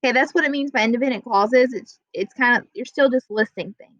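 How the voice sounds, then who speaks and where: Bright-voiced woman teaching a grammar lesson. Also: on the high side, no room sound, lo-fi sound. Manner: explains plainly, reads example sentences slowly.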